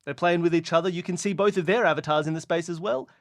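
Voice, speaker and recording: A man narrating a mystery game as game master, describing scenes in a lively, playful way. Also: a little high, fast talker, no room sound, clean studio sound.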